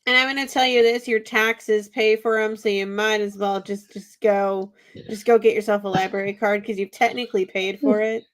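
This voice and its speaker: A woman's voice: medium pitch, fairly even intonation, moderate pace. A woman chatting as a guest on a book podcast, teasing and playful. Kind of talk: casual chat.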